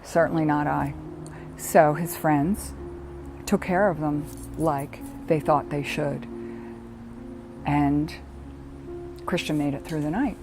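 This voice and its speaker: A middle-aged woman, a bereaved mother, telling her story in a halting, reflective way with pauses. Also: sits low, fairly even intonation, creaky. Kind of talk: personal documentary testimony. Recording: music playing underneath. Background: soft background music.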